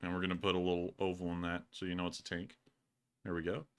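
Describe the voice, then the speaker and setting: A man hosting a livestream, explaining tactics and thanking donors in a relaxed, chatty way. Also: low-pitched, fast, clear, resonant tone. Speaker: livestream host. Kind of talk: casual stream commentary.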